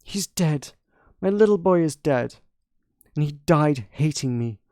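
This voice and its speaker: A man voicing a grieving middle-aged queen mother, in a hushed whispered role-play as he reads game dialogue aloud. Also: on the high side, expressive, a little slow, no echo, clean studio sound.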